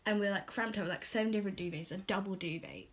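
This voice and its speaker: A woman's voice: mid-range voice, racing, very noisy. A teenage girl, telling a storytime vlog in a chatty, filler-heavy way and acting out what people said.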